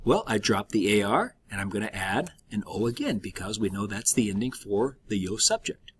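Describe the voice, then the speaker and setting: A man's voice: lowish voice, sing-song, normal speed, a little hiss or hum. A man teaching a recorded lesson, explaining step by step with patient check-ins. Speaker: Spanish teacher.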